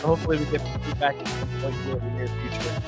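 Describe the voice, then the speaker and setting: A man's voice: mid-range voice, fairly even intonation, a little fast, music in the background. A man hosting a sports podcast in casual chat, rambling and laid-back, laughing often. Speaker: podcast host.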